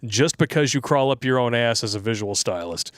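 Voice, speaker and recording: Sarcastic guy co-hosting a podcast, mid-pitch voice, dead dry sound. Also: lively intonation, brisk, no room sound. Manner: blunt, sarcastic, laughs a lot. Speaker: podcast co-host. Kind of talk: casual political chat.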